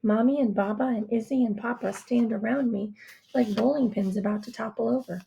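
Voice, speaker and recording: A woman reading a first-person story in a hushed, intimate way. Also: on the high side, fairly even intonation, a little fast, vocal fry. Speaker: audiobook reader.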